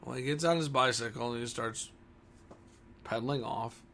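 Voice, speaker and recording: A man's voice: mid-range voice, normal speed, fairly bright tone, slight background noise. A man who owns a comic store, talking bluntly and combatively in a ranting monologue.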